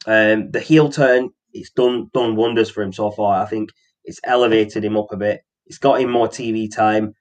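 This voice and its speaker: Male podcast co-host, slightly low voice, loose rambling delivery full of ums. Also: steady tone, moderate pace. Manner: rambling, frequent ums and restarts. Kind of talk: casual wrestling chat.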